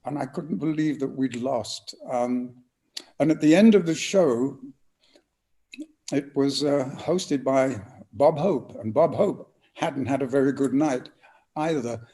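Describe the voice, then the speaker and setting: Brief: older Englishman, mellow expressive raconteur, guest in conversation. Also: medium pitch, takes it slowly. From England. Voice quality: lively, expressive storyteller's delivery. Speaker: guest actor. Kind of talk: storytelling interview answers.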